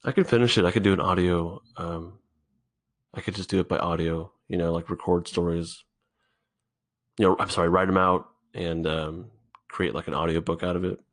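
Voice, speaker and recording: A man hosting a solo podcast, thinking out loud in a halting, rambling way, swearing often, recorded in an indoor room. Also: deep voice, fairly even intonation. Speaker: podcast host.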